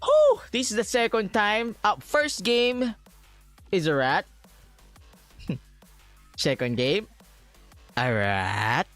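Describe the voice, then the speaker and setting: A man's voice: high voice, slow pace, pauses often, fairly bright tone, soft background music. A young man giving live commentary as he plays a shooter. He talks to his chat in an annoyed, swearing way. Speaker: streamer.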